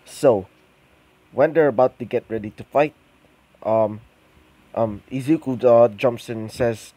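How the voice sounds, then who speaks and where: Hesitant, slow-talking male storyteller. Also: mid-range voice, fairly even intonation, dark tone, rough recording. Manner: hesitant, full of ums and restarts. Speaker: fan story narrator. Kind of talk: improvised fan-fiction narration.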